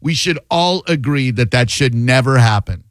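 A man's voice: mid-range voice, expressive, moderate pace, dry recording. A man hosting a radio call-in show, giving blunt opinions and joking with callers into a studio microphone. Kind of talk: talk radio commentary.

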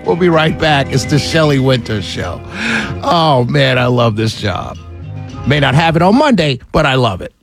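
A man hosting a talk radio show, delivering an animated, exasperated monologue with rhetorical questions. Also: medium pitch, normal speed, creaky, over music. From New York City.

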